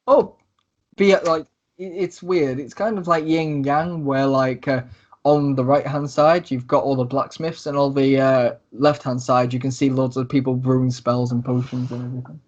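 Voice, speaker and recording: A man's voice: medium pitch, fairly even intonation, normal speed, a little mellow. A man narrating as game master, hesitant with many fillers, on a dull lo-fi recording. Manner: hesitant, many ums and likes.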